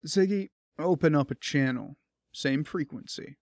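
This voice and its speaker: A man's voice: on the high side, lively intonation, normal speed, no echo, clean studio sound. Firm, composed male captain issuing orders, read by a man. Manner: firm, commanding.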